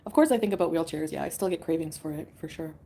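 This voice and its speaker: A woman's voice: low-pitched, fast talker, creaky, dark tone. A woman from Canada chatting casually on a livestream, reading out viewer comments, giggly and drifting between topics.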